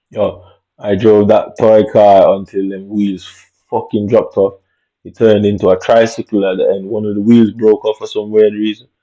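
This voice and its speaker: A man's voice: on the low side, warm tone, highs cut off. A man telling a long, reflective story about his childhood in casual, rambling talk, dropping "innit" throughout. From Jamaica. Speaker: vlogger.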